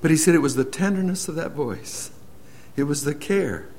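Earnest male preacher telling a story. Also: a little high. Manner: earnest, swings between loud emphasis and hushed, slow lines. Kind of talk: sermon storytelling.

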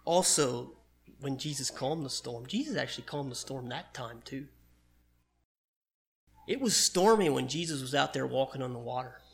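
A man's voice: medium pitch, animated, moderate pace, creaky. A man preaching a sermon in an earnest, conversational way, reading and explaining scripture.

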